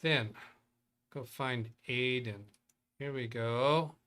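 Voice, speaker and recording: A man's voice: mid-range voice, extremely slow, a bit bright, clear, resonant tone. A man hosting a live computer-help stream in casual chat, rambling and thinking aloud as he reads viewer emails. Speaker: host of a live Windows help show.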